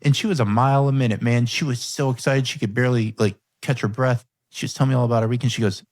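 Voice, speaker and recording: A man's voice: medium pitch, steady tone, fast talker, no room sound, studio quality. A man hosting a coaching podcast, telling a personal story in a candid, reflective way. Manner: candid, reflective, quotes his own thoughts. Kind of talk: earnest conversational storytelling.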